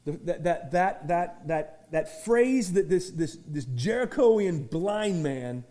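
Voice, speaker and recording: A pastor preaching a sermon in a church, swinging between quiet asides and shouted, drawn-out peaks. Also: male voice, fairly high pitch, animated.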